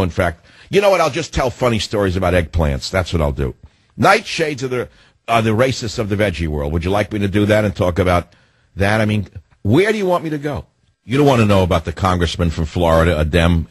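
Talk radio host, man, older, low husky voice, mocking and ranting. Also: no room sound. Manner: sarcastic, mocking, ranting with nicknames and sudden pitch jumps. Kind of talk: political talk radio monologue.

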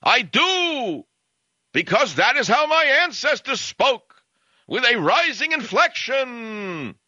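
A man mocking a pompous male political orator who shouts and speaks with a rising, preachy inflection. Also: very high-pitched, big pitch swings, takes it slowly, no echo, dull audio, voice pushed up, exaggerated voice.

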